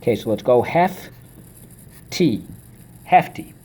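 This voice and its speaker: Man, teacher, vocabulary lesson, energetic, call-and-response, chants syllables, mid-range pitch. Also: normal speed.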